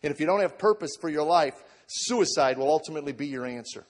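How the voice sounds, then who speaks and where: Quick-paced and animated, a man in his forties with a slightly high voice shares a heartfelt personal story before a live audience. He's a comedian giving testimony, earnestly voicing what others told him, with long hall reverb on the recording.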